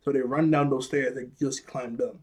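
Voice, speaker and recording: Husky young man recapping a cartoon. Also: mid-range voice, fairly even intonation, darkish tone. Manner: rambling, laughs often, retells scenes in quick quoted voices. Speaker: video reviewer. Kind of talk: casual episode recap.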